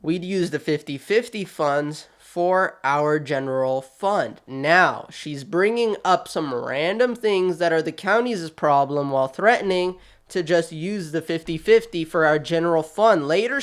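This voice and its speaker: A man hosting his channel, giving quick, chatty, animated commentary with a sassy streak, talking straight at the people he discusses. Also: on the high side. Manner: quick, chatty, restarts often. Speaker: channel host. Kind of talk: casual video commentary.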